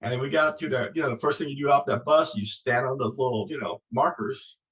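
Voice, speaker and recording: A man's voice: mid-range voice, fast talker, poor audio. A man in his sixties, originally from Vietnam, telling stories as an interview guest and acting out the voices he quotes. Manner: animated storyteller, acts out quoted voices. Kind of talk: casual storytelling interview.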